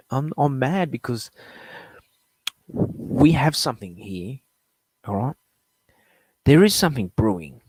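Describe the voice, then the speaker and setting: A man's voice: medium pitch, expressive, slow pace, long pauses, a little mellow, slightly rough, no room sound. Fired-up swearing male sports host. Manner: blunt, swearing, fired up, rambling. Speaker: live show host. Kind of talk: profane sports fan rant.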